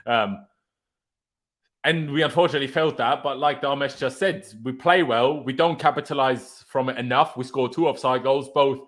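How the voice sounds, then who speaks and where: A man's voice: medium pitch, normal speed, a bit bright. A man hosting a fan reaction live stream, ranting in outrage.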